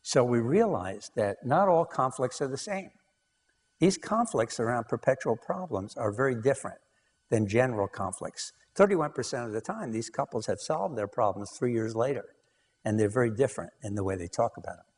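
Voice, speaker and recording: Husky man lecturing in a hall. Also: mid-range voice, animated, moderate pace, a little mellow. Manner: anecdotal, acts out dialogue, frequent "you know". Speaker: lecturer on couples research. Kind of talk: conversational lecture.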